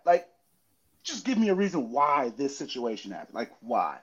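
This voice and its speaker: A man talking in a casual chat, telling stories in an animated way and acting out hecklers. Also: brisk, breathy edge, dull audio. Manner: animated storytelling, acts out hecklers with big pitch jumps. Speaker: podcast host, former outfielder.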